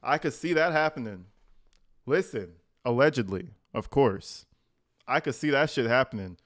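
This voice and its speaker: Guy riffing on news clips, crude jokes, swears a lot, middle pitch. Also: animated, normal speed. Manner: profane, jokey, acts out voices of others. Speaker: commentator reacting to news clips. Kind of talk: crude comedic reaction commentary.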